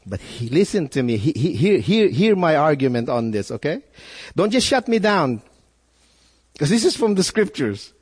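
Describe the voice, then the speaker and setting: Animated preaching pastor with hall reverb. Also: male voice, on the high side, moderate pace, husky. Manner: earnest, repeats words, rhetorical questions. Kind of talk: sermon.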